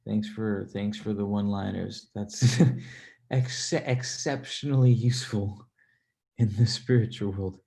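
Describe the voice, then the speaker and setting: Brief: male stream host, mellow gravelly voice, animated and profane, casual chat. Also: fairly low pitch, unhurried. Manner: animated, swears freely, laughs between points. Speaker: livestream host reading viewer comments.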